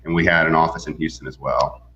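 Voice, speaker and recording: A man's voice: rumbling low, fairly even intonation, quick pace. A man who works as a real estate broker, telling stories as a guest in a casual interview with many fillers and restarts. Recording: echoey, dull lo-fi sound.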